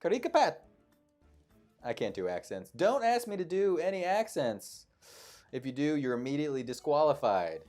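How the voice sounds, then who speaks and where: A man hosting a live trivia show. He reads each question and then riffs on it with playful, jokey asides, and his pitch swings widely as he talks. Faint background music plays under his voice. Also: sing-song, moderate pace, a little mellow. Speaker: quiz show host.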